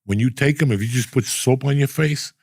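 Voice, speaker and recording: A man's voice: mid-range voice, a little fast, darkish tone, dry recording, studio quality. A middle-aged man hosting a casual chat, telling blunt, profane stories in a rambling way. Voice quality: gravelly, husky. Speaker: podcast host.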